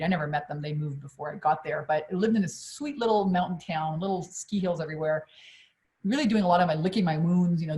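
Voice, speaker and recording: On a live stream, a middle-aged woman coach from Quebec, Canada, tells a personal story in a low-pitched voice. She is animated and blunt, swearing freely.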